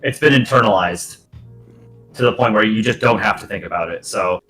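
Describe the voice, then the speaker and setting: Lowish-voiced male comic artist, relaxed and explanatory on a casual stream, faint music behind. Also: a little fast, poor audio. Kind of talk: casual livestream chat.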